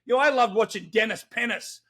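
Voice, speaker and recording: Australian man, high voice, bright tone, animated storyteller, casual podcast chat. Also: fairly quick. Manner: animated storytelling, laughs often. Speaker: guest, celebrity interviewer.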